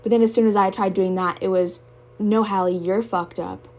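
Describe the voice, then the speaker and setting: A woman's voice: medium pitch, steady tone, moderate pace, a little mellow. A young woman hosting a podcast, talking candidly and emotionally in a personal monologue, swearing often. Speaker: podcast host.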